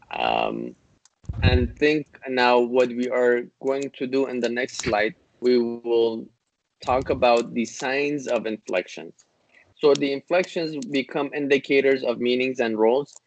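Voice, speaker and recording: A man teaching a classical Arabic grammar lesson on a video call, explaining patiently with many fillers and restarts, and reciting Arabic text in quick bursts. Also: mid-range voice, gravelly, muffled recording, a little hiss or hum. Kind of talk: online class lecture.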